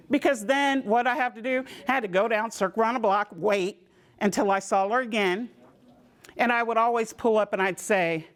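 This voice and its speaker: A woman gives a community health talk. She tells her own stories in a lively way and acts out the voices of the people in them. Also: on the high side, normal speed. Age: 60s. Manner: lively storytelling, acting out voices in quotes. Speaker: presenter.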